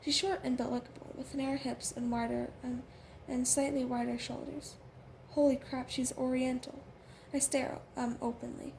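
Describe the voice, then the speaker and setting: A woman reading a first-person novel aloud, halting often with fillers and restarts. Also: high-pitched, flat delivery, creaky, darkish tone, a little hiss or hum. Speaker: audiobook reader.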